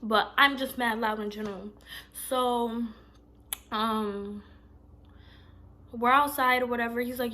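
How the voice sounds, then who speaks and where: A young woman, telling a personal story to her vlog audience in a loud, slangy, animated way. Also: on the high side, unhurried, long pauses, a little hiss or hum. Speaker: vlogger.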